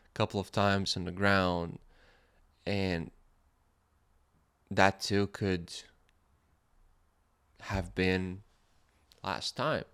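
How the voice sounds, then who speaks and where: This podcast host has a low, smooth voice as he tells a personal story in a casual solo monologue. Sometimes he's animated and laughing, sometimes subdued and reflective.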